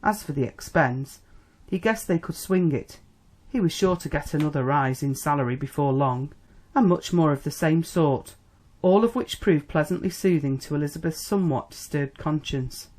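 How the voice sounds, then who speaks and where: An audiobook narrator reading a period novel in a measured, even way. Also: medium pitch.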